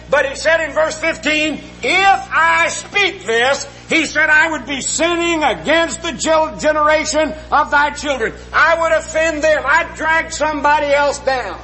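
Male preacher, middle-aged, very high voice, folksy, earnest, faint hum behind. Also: unhurried, sharp tone, low-quality recording. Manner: earnest, folksy, asks the congregation questions. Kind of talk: sermon.

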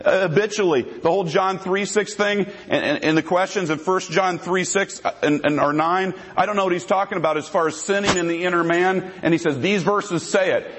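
A man with a notably high voice argues his case in a formal debate. He speaks emphatically and hammers home each point by repeating it. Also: steady tone, fairly quick, few pauses, fairly bright tone, a little hiss or hum, low-quality recording.

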